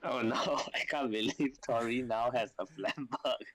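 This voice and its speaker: A man playing a tabletop game, speaking in an unhurried way and laughing often. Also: mid-range voice, fairly bright tone. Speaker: player. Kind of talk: casual tabletop game play.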